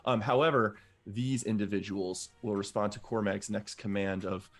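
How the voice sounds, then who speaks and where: A man narrating as game master of a tabletop game, giving calm, measured rulings with frequent fillers. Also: on the low side, soft background music.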